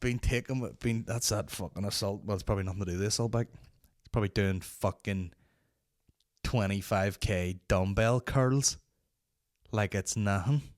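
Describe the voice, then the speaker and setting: A man's voice: lowish voice, moderate pace, dry recording, studio quality. A man with a Northern Irish accent hosting a comedy podcast, telling a story casually, swearing constantly and slipping into voices of other people. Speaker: podcast host.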